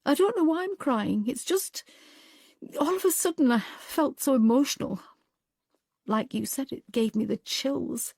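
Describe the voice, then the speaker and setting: A woman's voice: fairly high pitch, vocal fry, warm tone, no room sound, studio quality. A woman voicing a weary woman detective who talks earnestly, with a wry and slightly tearful edge.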